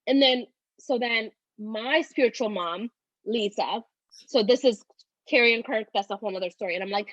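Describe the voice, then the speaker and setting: A woman's voice: a little high, moderate pace, fairly bright tone, no room sound, highs cut off. A woman in her twenties, teary and rambling, telling a personal story with many "like"s. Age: 20s. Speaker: guest.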